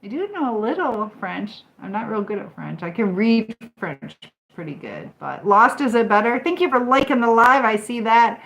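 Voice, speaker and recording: A woman's voice: a little high, sing-song, normal speed, a bit bright, rough recording. An older woman from Michigan hosting a casual livestream, chatting and answering viewer comments with frequent ums. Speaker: livestream host. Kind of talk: casual live chat reading comments.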